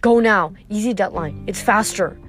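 A woman's voice: mid-range voice, moderate pace, no echo, faint music behind, close to an everyday voice. A woman reading aloud, voicing a confident girl who gives firm commands to a monster dog. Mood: commanding.

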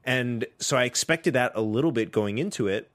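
A man's voice: medium pitch, a little fast, fairly bright tone. A man co-hosting a podcast, bantering casually with dry, wry humor. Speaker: podcast co-host. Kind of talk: casual chat.

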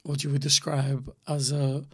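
A man's voice: medium pitch, completely flat delivery, measured pace, fairly bright tone, breathy edge. A young man with a Northern Irish accent, hosting a podcast and telling rambling, sweary stories with plenty of laughter in a casual chat. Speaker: podcast host and comedian.

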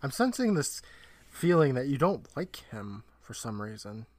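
A man's voice: mid-range voice, very animated, normal speed, dry recording, studio quality. A man co-hosting a podcast, recapping an episode in casual chat and laughing often. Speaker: podcast co-host.

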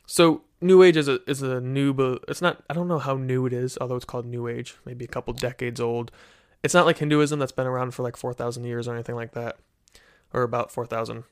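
A man's voice: medium pitch, clear, resonant tone. A man hosting a Christian teaching talk, speaking casually with many restarts and "right?" tags, from a desk with a microphone. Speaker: Christian teacher, podcast host. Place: room with desk and bookshelf. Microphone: studio microphone.

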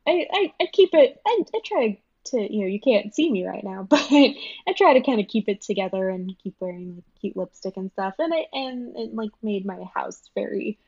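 A woman's voice: medium pitch, expressive, moderate pace, mellow, dry recording, highs cut off. A young woman chatting as a guest in an interview, rambling with lots of fillers and frequent laughs. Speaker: guest, animation writer and storyboard artist. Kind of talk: casual interview chat.

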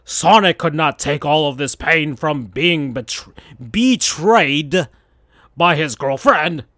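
A man hosting a podcast, reading fan fiction aloud in a slow deadpan comedic style. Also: fairly high pitch, no room sound, studio quality.

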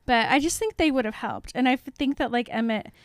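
A young woman co-hosting a casual book discussion, enthusiastic and giggly, musing out loud. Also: high-pitched, fast, dry recording. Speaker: podcast co-host.

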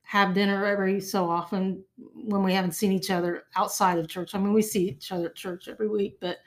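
Chatty older lady, repeats words a lot, medium pitch. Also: little pitch movement, a little fast. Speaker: guest. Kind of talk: interview conversation.

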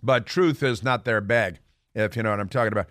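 A man's voice: fairly low pitch, brisk, fairly bright tone, dry recording, clean studio sound. A man hosting a political talk radio show, delivering a combative, sarcastic, rambling monologue full of fillers.

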